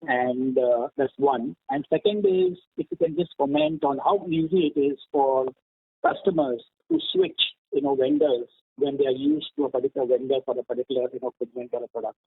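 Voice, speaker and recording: A man with a higher, animated voice questions company management as an analyst, leaning on fillers as he talks. His voice is gravelly and husky. He comes through a tinny, dry phone line. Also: fairly quick, no room sound. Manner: lively, filler-heavy questioning. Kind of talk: earnings call questions.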